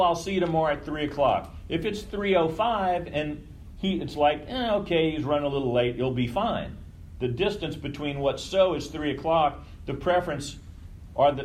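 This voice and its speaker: A man's voice: on the high side, slight background noise, low-quality recording. A man leading a group session in a casual teaching talk, conversational, swearing freely and often checking in with his listeners. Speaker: workshop leader.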